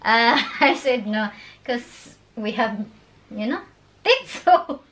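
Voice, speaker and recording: A woman, telling a personal story in a casual, animated way with laughs and halting phrases. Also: a little high. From Philippines. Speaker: vlogger.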